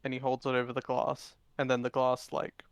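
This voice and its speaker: A man's voice: mid-range voice, monotone, fairly quick, clear, resonant tone, no echo. A man narrating as game master in a tabletop game, in a loose, rambling way full of fillers.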